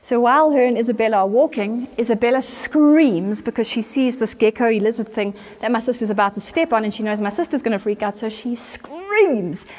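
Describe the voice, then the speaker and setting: A woman pastor, telling a story in an animated way during a sermon. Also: fairly high pitch, brisk, few pauses. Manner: animated storyteller, acts out voices with laughter. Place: church.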